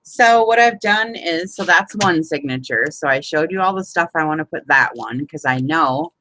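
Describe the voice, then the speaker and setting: A woman's voice: low voice, lively intonation, normal speed, pushed and bright, slight background noise, poor audio. A woman hosting a casual live crafting hangout, chatting as she shows paper folds and greets viewers. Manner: chatty, fills with "you know what I mean". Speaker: crafting group host.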